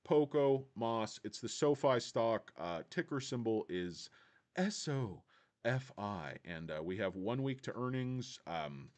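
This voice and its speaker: Animated, jokey man rambling. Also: medium pitch, slow. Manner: jokey, self-mocking, sarcastic. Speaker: stock vlog host. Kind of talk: casual rambling chat.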